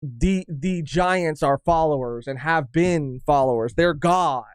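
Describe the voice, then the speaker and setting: A young man co-hosting a podcast in casual chat, rambling and halting with frequent restarts. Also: a little high, clear, resonant tone, no echo, studio quality. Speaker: podcast co-host.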